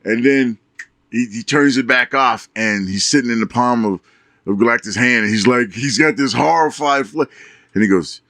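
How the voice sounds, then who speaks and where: A man co-hosting a podcast, telling stories in casual chat, animated, with stammering restarts and frequent laughter. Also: mid-range voice, moderate pace, no room sound, studio quality. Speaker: podcast co-host.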